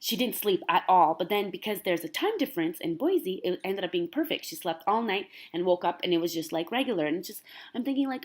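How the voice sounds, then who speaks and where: A young woman vlogger from Canada chatting casually to camera, rambling and animated, full of "like". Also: on the low side, fairly quick, few pauses.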